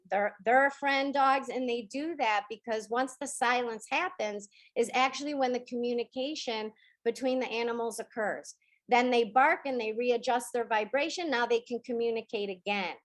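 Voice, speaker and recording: A woman hosting a spiritual video call, teaching gently and slowing down to stress key words. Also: on the high side.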